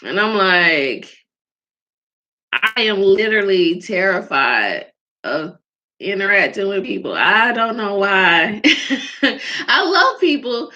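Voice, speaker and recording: A woman's voice: medium pitch, sing-song, takes it slowly, sharp tone. A woman hosting a podcast about faith, talking candidly in a casual way, with many fillers and frequent laughs. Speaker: podcast host. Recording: dull lo-fi recording.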